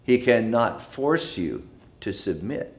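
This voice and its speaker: Male pastor, deep voice, unhurried, emphatic teaching delivery. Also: very animated. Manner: slow, emphatic, repeats phrases for stress. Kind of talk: Bible study teaching.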